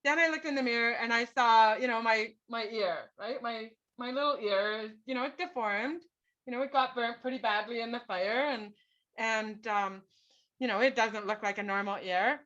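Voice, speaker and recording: A middle-aged woman author, guesting on an interview show, tells a personal story in an earnest, emphatic way, often checking in with "right?". Her fairly high, slightly bright voice moves at normal speed over dull lo-fi podcast audio.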